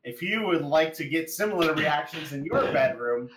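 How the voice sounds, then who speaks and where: A podcast host in casual chat who reads questions and cracks deadpan jokes. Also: medium pitch, normal speed, crowd noise. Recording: echoey room.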